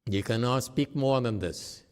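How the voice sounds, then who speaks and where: A male meditation teacher giving a dharma talk, emphatic and often checking with his listeners whether his point is clear. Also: medium pitch, measured pace.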